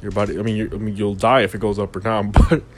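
A man's voice: lowish voice, level tone, fast talker, noisy background. A man hosting a casual motivational monologue, rambling and philosophical, with lots of "you know".

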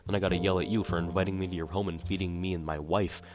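A man's voice: low-pitched, steady tone, a little mellow, natural voice. A man doing a ranting, outraged suitor. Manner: indignant ranting, drawn-out words. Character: pompous furious male suitor ranting at hosts. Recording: guitar music playing behind.

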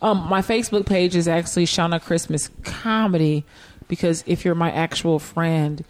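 A woman's voice: on the low side, steady tone, normal speed, a little mellow. A woman who is a stand-up comedian, a guest on a comedy podcast, trading brash, profane quips and laughing through her jokes. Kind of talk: casual comedy podcast banter.

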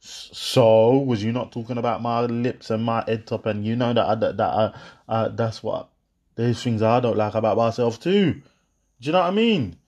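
Speaking at normal speed in a mid-range voice, a young man chats casually with his viewers and tells a story through laughter. He animatedly plays both parties in a row.

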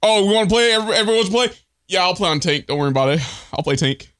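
Excitable male guest with lively pitch. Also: racing, dry recording, clean studio sound. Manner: excitable, slangy, says "dude" a lot. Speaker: returning guest. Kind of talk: casual podcast chat.

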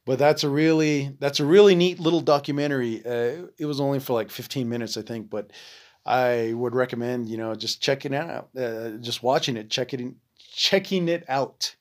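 A man's voice: medium pitch, normal speed. A man hosting a podcast, telling a story in a rambling casual way with many fillers, swear words and acted-out quotes. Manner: acts out quoted voices in lively bursts. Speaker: podcast host.

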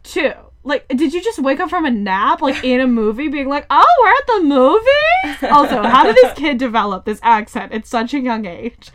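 A young woman co-hosting a podcast, telling stories in casual chat and acting out quotes. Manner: animated storyteller, acts out quotes in high voices. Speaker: podcast co-host.

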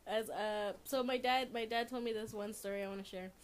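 A woman's voice: medium pitch, fairly even intonation, fairly quick, a little hiss or hum. A young woman co-hosting a casual podcast, telling a rambling story between bursts of laughter. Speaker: podcast co-host.

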